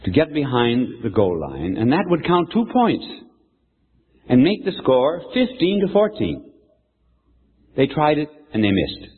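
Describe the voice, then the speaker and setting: An older male preacher tells a folksy sermon story, stopping to quiz the crowd. His voice is slightly husky and swings widely in pitch. The sound is thin and phone-like, with a long echo from a large hall. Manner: animated, folksy storyteller who quizzes the audience.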